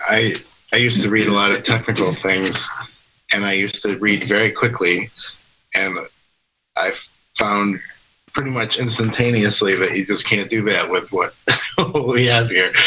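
A man taking part in a church roundtable, speaking in a halting, thoughtful way with small laughs. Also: fairly low pitch, sharp tone, rough recording. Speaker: discussion participant.

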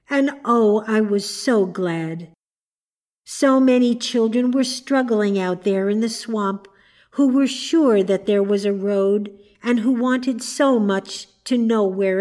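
A woman reading the part of a gentle grown woman who guides lost children, speaking earnestly and sincerely in a storybook. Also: fairly high pitch.

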